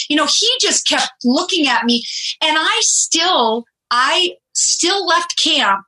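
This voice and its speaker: Middle-aged lady guest on a podcast, bright voice kinda high, animated storyteller. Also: takes it slowly, low-quality recording. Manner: animated storyteller, laughs often. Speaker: guest, former reality show contestant. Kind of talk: casual podcast interview.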